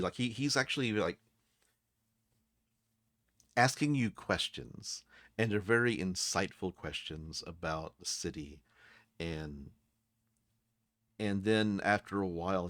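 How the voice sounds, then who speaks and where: A man narrating as game master of a tabletop game, relaxed and hesitant. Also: lowish voice, no room sound.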